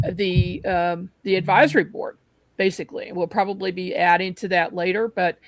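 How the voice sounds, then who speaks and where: A woman's voice: on the low side, vocal fry, dry recording, poor audio. A woman hosting a panel discussion, talking loosely with many fillers. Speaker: host.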